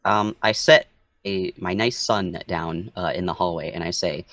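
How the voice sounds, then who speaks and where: A man playing a tabletop game, speaking gently as a father to his kids. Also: low voice, a little slow, no echo. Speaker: player.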